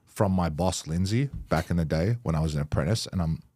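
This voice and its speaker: A man with an Australian accent hosting a casual podcast chat, telling stories with lots of laughter and swearing. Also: low voice. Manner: animated, laughing, swearing, quick storytelling. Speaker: podcast host.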